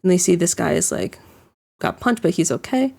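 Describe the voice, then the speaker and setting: At normal speed, a woman with a fairly low, expressive, slightly mellow voice and some vocal fry rambles through a reaction to an anime episode. Fillers such as "like" and frequent restarts pepper her talk, along with chuckles as she describes what happens.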